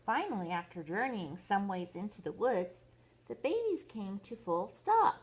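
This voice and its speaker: An older woman, a grandmother, reading a bedtime story aloud to children in a gentle, expressive way. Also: medium pitch, normal speed, husky.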